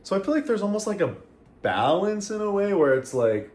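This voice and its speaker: A man's voice: sits high, very animated, a little fast, darkish tone. A young man chatting candidly to camera in a vlog, rambling with lots of fillers and casual swearing. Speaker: vlogger. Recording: echoey room with faint noise.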